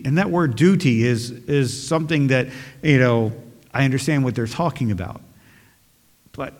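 A male pastor preaching a sermon and leading prayer, earnest and emphatic, repeating phrases for stress. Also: medium pitch. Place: church sanctuary. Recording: long hall reverb.

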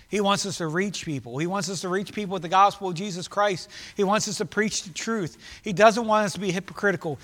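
High-voiced preacher in a reverberant hall. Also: male voice, a bit bright. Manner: earnest, repetitive preaching cadence that swells and drops. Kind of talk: sermon.

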